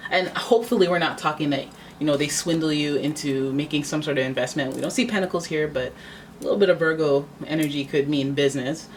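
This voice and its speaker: With a deep voice and a fairly quick pace, a woman does a casual tarot reading, chatty and dramatic, frequently voicing what people might say. The audio quality is poor, with slight background noise.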